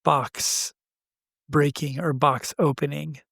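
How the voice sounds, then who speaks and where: A man co-hosts a reflective spiritual conversation. His voice sits a touch higher than most men's, and he speaks thoughtfully, pausing often. The recording is close and dry. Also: little pitch movement, gravelly, fairly bright tone, no room sound. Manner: thoughtful, unhurried, frequent "uh" pauses. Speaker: podcast co-host.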